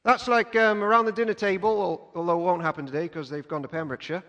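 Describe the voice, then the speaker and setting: High-voiced preacher in an echoing church. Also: male voice, fast, highs cut off. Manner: animated, conversational storytelling. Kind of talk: sermon. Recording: echoey church hall.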